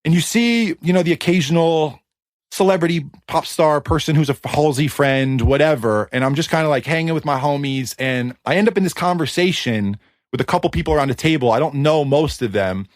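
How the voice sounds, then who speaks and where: A man in his thirties, a music producer guest, telling casual anecdotes on a podcast in an animated, chatty way with quick asides. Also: a little high, dry recording.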